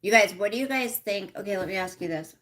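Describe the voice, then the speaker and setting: A woman's voice: mid-range voice, fast, fairly bright tone. A middle-aged woman casually chatting with viewers on a livestream, reading out their comments. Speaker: livestream host. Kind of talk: casual live chat with viewers.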